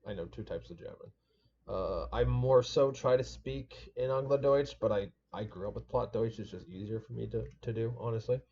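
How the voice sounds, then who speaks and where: Young man, twenties, dark mellow tone, laid-back casual chat, agreeable, swears casually, dull lo-fi recording. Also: medium pitch, moderate pace. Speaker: podcast host. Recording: dull lo-fi sound.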